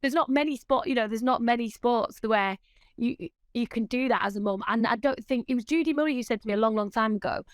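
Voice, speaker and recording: A woman with a fairly high voice chats as a podcast guest, telling her stories with lots of energy and frequent laughter. The sound is dry and close, with no room around it. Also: fast, smooth, no echo. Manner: lively storytelling, laughs often. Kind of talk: casual chat.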